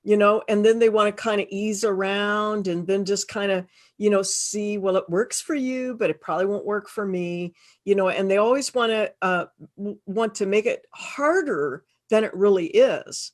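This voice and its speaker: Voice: medium pitch, normal speed. A host interviewing a guest, reacting often with short affirmations. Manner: encouraging, frequent short reactions. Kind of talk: casual interview.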